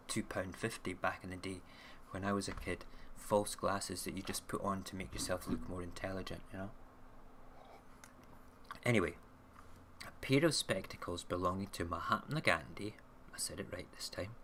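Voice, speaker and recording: A man's voice: low voice, bright, forceful tone, slight background noise. A man hosting an online radio show, rambling casually through news stories and often checking in with "okay?". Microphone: camera mic, recording himself on video.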